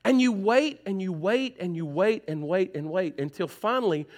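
A man's voice: sits high, normal speed. A man, preaching a sermon and acting out his own stories. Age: 40s. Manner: animated storytelling, acts out his own dialogue. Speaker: pastor.

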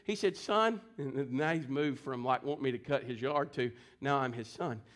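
A man preaching a sermon, telling stories and swinging between quiet, hushed passages and forceful, raised declarations. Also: mid-range voice, moderate pace. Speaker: pastor.

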